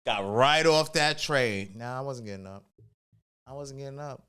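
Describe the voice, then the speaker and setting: A woman's voice: very deep voice, normal speed, smooth. A woman co-hosting a podcast, blunt and teasing in casual chat. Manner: blunt, teasing, deadpan asides. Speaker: podcast co-host.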